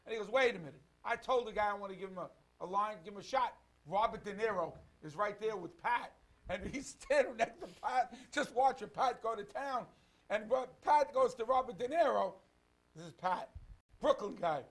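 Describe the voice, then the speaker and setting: A man's voice: sits high, expressive, moderate pace. A man hosting a talk show, telling an anecdote in a rambling, admiring way with many restarts. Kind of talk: casual talk show chat.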